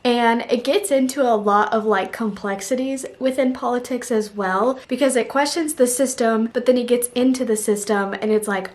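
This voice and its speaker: A woman's voice: a little high, normal speed, few pauses, a little mellow. Chatty young woman reviewing books. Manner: chatty, emotional, frequent "like" fillers. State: tearful, on the verge of crying. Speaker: book reviewer. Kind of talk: casual book review vlog.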